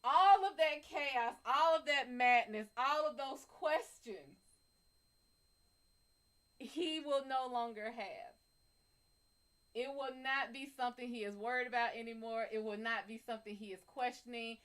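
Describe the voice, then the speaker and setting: A woman's voice: fairly high pitch, measured pace. A woman hosting a live psychic reading, talking casually, swearing freely and laughing between stories. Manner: animated, profane, laughing. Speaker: psychic reader, live stream host.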